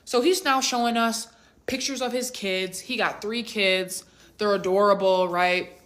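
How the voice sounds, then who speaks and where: Woman in her twenties, storytime vlog, bright tone, chatty, slangy, dramatic. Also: medium pitch, steady tone, unhurried. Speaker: vlogger.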